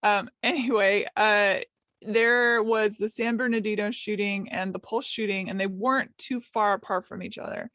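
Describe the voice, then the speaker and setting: A woman's voice: medium pitch, fairly even intonation, moderate pace, fairly bright tone, no room sound, studio quality. A woman, a podcaster and guest, telling an emotional personal story in conversation, self-deprecating and openly emotional. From United States. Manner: emotional, self-deprecating, quotes others in light voices.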